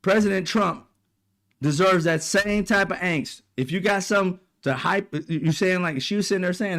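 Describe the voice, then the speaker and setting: A man's voice: sits high, moderate pace, a bit bright. A man, a commentary channel host, giving a blunt, profane, heated opinion rant straight to the camera. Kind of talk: ranting opinion monologue.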